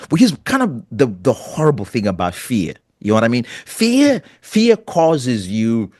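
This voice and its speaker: A man's voice: mid-range voice, wildly swooping pitch, measured pace, a little mellow, dry recording, clean studio sound. Earnest middle-aged male pastor storyteller. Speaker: pastor and guest. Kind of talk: storytelling interview.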